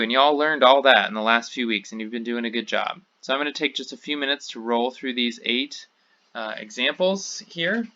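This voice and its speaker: A man's voice: mid-range voice, bright, forceful tone. A man teaching a recorded lecture, working through examples step by step and repeating key words. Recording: dull lo-fi recording.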